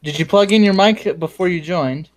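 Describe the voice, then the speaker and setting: Mocking, foul-mouthed man, higher voice. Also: normal speed. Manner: mocking, laughing, heavy swearing. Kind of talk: casual group voice chat.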